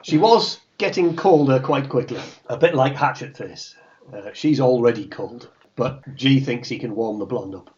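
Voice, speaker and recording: A man's voice: medium pitch, animated, moderate pace, darkish tone, muffled recording. A man running a tabletop horror game as game master, narrating wryly and laughing often.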